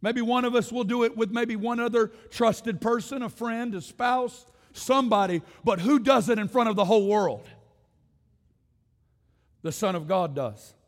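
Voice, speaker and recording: A man with a high voice preaches with rising passion, stacking phrase on phrase and calling out for the congregation to answer back. His voice rings through a church sanctuary with a long, lingering reverb. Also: normal speed. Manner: impassioned, repetitive rhetorical build-ups, directs congregation to respond. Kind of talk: sermon.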